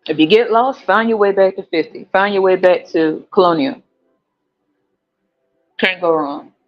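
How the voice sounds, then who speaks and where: A man with an American country accent hosting a casual livestream chat, animated and profane, laughing often and jumping into high squeals. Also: unhurried. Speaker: podcast host. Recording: dull lo-fi audio with faint music.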